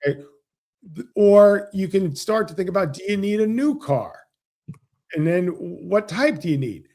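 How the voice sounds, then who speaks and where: A man, a financial advisor guest on an interview show, explaining with animated stories and acted-out dialogue. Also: sits high, measured pace. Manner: animated, acts out quoted dialogue. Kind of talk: casual interview storytelling.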